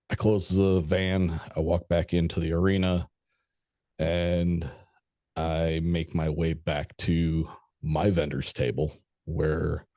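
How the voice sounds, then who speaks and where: Middle-aged man, very low voice, dry close sound, rambling and profane storyteller. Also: warm tone, dry recording. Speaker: podcast guest. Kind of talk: casual storytelling.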